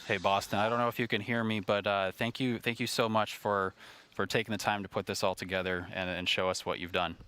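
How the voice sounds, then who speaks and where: A man's voice: lowish voice, little pitch movement, brisk, pushed and bright, slight background noise. A man hosting a live broadcast, ad-libbing in a chatty, self-deprecating way with frequent restarts. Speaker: livestream host.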